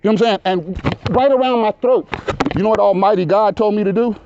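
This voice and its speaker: Loud rambling man in his fifties. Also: sits high, fast, noisy background. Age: 50s. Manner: rambling, repeats "you know what I'm saying", talks loud. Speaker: local resident telling his story. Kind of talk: casual conversation. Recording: dull lo-fi recording.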